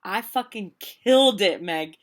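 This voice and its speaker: A woman in her late twenties telling a long story in casual, animated chat, quoting people as she goes. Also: mid-range voice, a little slow. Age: 20s. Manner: animated, chatty storytelling with quoted voices. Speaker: vlogger.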